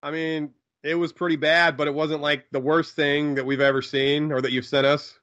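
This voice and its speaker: A man's voice: on the high side, level tone, normal speed, a bit bright, muffled recording. A man co-hosting a riffing movie commentary in a laid-back, wry way. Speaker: co-host.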